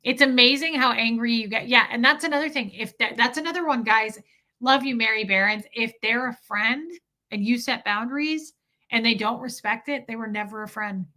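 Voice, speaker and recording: A woman talks straight to her livestream audience, chatting candidly and reading out viewer comments as they come in. Her voice sits a little high and has a bright, forward edge. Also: normal speed. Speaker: livestream host reading super chats. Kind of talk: casual livestream chat.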